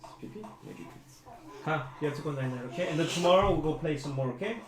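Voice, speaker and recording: A mother gently coaxing a small child to bed, speaking softly and repetitively from across the room, away from the mic. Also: low voice, quick pace, reverberant, a crowd in the background, rough recording. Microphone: off-mic, at a distance in the room.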